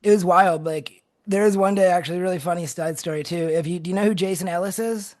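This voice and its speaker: A man guesting on a podcast, telling stories in an energetic, animated way and laughing often. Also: high-pitched, quick pace. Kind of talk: casual storytelling chat.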